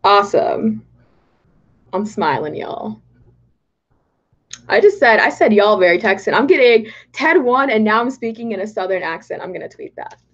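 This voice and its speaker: A woman's voice: on the high side, lively intonation, fairly quick, fairly bright tone. A young woman hosting a casual livestream from home, reading chat comments aloud in a bubbly, giggly way. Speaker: livestream host. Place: home in Texas. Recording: slightly dull livestream audio.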